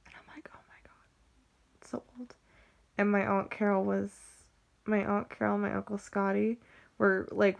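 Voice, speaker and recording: A young Western American woman with a General American accent chats about her family in a vlog, creaky-voiced at medium pitch with a darkish tone. She wanders from point to point, restarts frequently, and uses "like" constantly.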